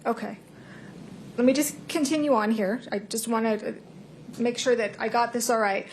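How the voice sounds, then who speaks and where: A woman attorney in a courtroom, questioning a witness in a measured way and repeating the account back. Her voice sits somewhat high, with faint background noise. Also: fairly even intonation.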